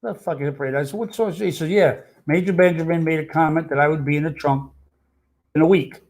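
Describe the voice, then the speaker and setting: An older man tells his story bluntly, with a tough street manner and plenty of swearing. His voice sits somewhat high for a man. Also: fairly even intonation, a little fast, darkish tone. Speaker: storyteller guest. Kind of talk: casual storytelling.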